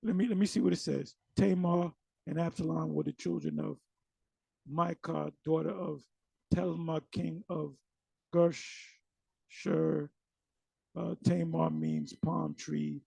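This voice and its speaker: A man's voice: a little high, little pitch movement, slow, creaky, a little mellow, slightly rough, dry recording. A man teaching scripture in a casual, conversational way, challenging his listeners directly. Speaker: Bible teacher.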